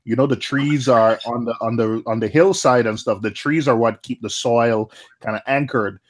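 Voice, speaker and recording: This is a man in his thirties, originally from Jamaica, chatting casually on a live community stream. His speech is animated and rambling, with plenty of laughter and words repeated on the fly. His pitch is mid-range for a man. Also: moderate pace. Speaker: live stream chat participant. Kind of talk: casual chat.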